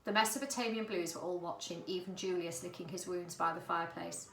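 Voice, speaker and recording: A woman narrating a children's story in an expressive, dramatic reading. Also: on the low side, fairly quick, vocal fry, echoey room, a little hiss or hum, rough recording.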